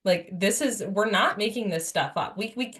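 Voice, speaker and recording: A woman's voice: mid-range voice, normal speed, a bit bright. A woman in casual podcast chat, talking emphatically and enthusiastically and swearing casually.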